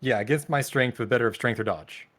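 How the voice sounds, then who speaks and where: A man's voice: mid-range voice, fast talker, a bit bright. A man playing in a tabletop game, chatting and checking rules aloud. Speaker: player. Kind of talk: casual chat.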